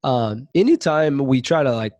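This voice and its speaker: A man's voice: mid-range voice, animated, normal speed, mellow, dry recording. A man speaking as a podcast guest in a casual interview, earnest and reflective as he talks openly about his own life.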